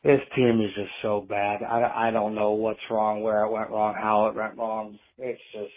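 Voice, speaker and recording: A man's voice: on the low side, monotone, a little slow. Heartbroken male caller on a phone line. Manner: dejected, heartbroken fan. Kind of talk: recorded hotline message.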